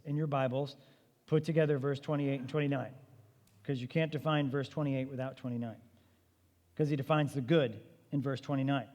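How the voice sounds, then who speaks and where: A man's voice: mid-range voice, fairly even intonation, moderate pace, dark tone. Man teaching in a reverberant church hall. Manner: conversational, emphatic teaching with rhetorical questions. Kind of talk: apologetics seminar lecture. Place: church meeting room.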